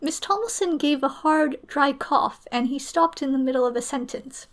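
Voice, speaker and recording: High-voiced woman reading a story. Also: normal speed.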